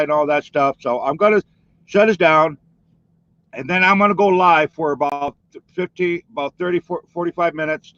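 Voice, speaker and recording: A man's voice: on the high side, normal speed, a bit bright, dry recording. A man talking casually on a live stream, filling in for the host in a rambling, chatty way. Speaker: stand-in streamer. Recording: dull lo-fi dry stream audio.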